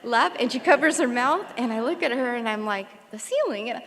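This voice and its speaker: A woman's voice: a little high, animated, fairly quick, fairly bright tone. A woman in her forties giving an emotional, rambling eulogy for her father, with many fillers. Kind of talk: memorial tribute speech. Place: concert hall. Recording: long hall reverb.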